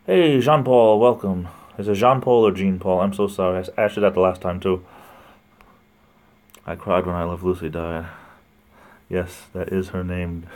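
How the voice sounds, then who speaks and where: A man's voice: low voice, level tone, moderate pace, long pauses, a little mellow. A man hosting a casual livestream, rambling, laughing often and greeting viewers by name as he reads their comments. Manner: laughs often between remarks. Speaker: livestream host. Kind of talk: casual live chat reading viewer comments.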